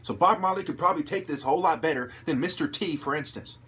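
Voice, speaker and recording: A man ranting to camera in a heavily husky, breathy voice that sits a little high. He swears constantly and pushes hard, building his monologue into aggressive shouts. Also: quick pace. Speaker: channel host.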